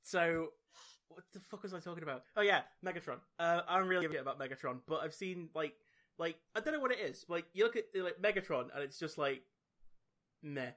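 A man hosts a loose podcast chat, wandering through his thoughts with plenty of fillers and laughs. His voice sits a little high and comes across bright and forceful. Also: animated, fairly quick. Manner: rambling, laughs often, many fillers. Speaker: podcast host. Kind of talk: casual chat.

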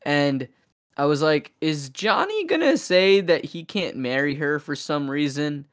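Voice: mid-range voice, very animated, unhurried. A podcast host in casual chat, animatedly retelling a film's plot and briefly voicing the characters' lines. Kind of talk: casual chat recapping a film.

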